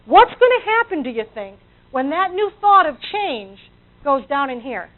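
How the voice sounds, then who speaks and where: Sing-song and high-pitched, this woman speaks a little slowly as she gives a motivational talk before a live audience. She plays out inner voices and asks the audience questions, all captured in tinny, phone-like sound.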